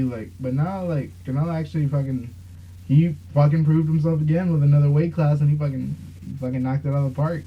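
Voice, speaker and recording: A young man hosts a casual podcast, telling a rambling story full of swearing. His voice sits a little high for a man. The sound is dull and lo-fi. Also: fairly even intonation, a little fast. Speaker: podcast host. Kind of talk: casual chat.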